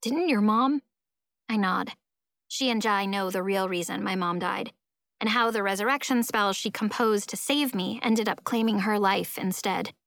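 Expressive woman narrating an audiobook. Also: mid-range voice, moderate pace, gravelly, dry recording, clean studio sound. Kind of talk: first-person audiobook narration.

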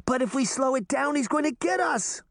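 A man's voice: fairly high pitch, sing-song, moderate pace, no room sound, clean studio sound, pitched above the performer's own voice. A man voicing a tough, mouthy preteen girl who is brash and sarcastic in an audiobook. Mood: bold.

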